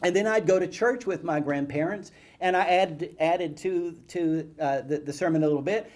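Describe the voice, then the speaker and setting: Animated man telling stories. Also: on the high side, normal speed. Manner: animated, self-mocking storyteller acting out childhood scenes. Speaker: guest speaker. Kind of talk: storytelling talk to an audience. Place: event hall with live audience.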